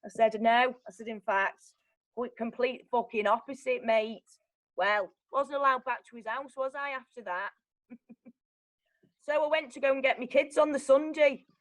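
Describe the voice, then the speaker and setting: A woman's voice: on the high side, moderate pace, rough recording. Blunt, swearing young woman. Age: young adult. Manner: blunt, swears often, animated. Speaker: guest. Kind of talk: candid personal storytelling.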